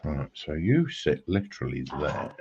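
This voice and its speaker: A man's voice: very deep voice, sing-song, measured pace, lo-fi sound, background noise. A British man streaming a casual chat while building a model, laid-back and jokey.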